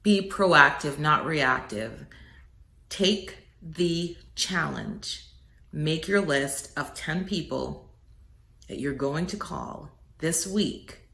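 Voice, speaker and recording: Low-voiced earnest woman, motivational message. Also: lively intonation, extremely slow, creaky, bright, forceful tone, roomy sound. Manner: earnest, preacherly, swells on key words. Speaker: inspirational speaker.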